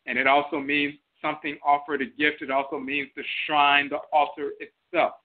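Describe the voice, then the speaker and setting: A man's voice: a little high, little pitch movement, moderate pace. Man lecturing over a tinny phone line. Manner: explanatory, repeating terms and definitions. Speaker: host and lecturer. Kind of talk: spoken lecture on a radio broadcast. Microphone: phone line to an internet radio show.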